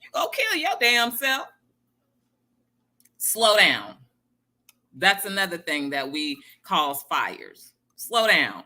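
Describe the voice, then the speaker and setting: A woman's voice: on the low side, big pitch swings, measured pace, sharp tone. A woman giving a casual motivational talk, emphatic and repeating her key phrases to viewers. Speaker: motivational speaker.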